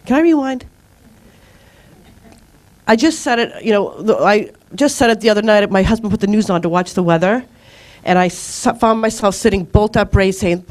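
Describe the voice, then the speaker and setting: A middle-aged woman gives an informal spiritual talk to a group. She speaks earnestly, sliding into lively storytelling where she acts out her own outbursts. Her voice is mid-pitched and sits dry and close, with almost no room sound. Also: moderate pace, no echo. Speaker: spiritual teacher leading a group.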